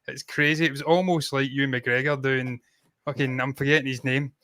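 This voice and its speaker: A man co-hosting a casual film review podcast, blunt and animated, swearing freely. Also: medium pitch, brisk, dry recording, studio quality.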